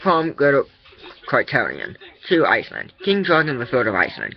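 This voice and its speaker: A man's voice: mid-range voice, huge pitch swings, normal speed, creaky, dull audio. A man casually reading a forum roleplay aloud, with rambling asides and frequent stumbles. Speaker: roleplay reader and channel host.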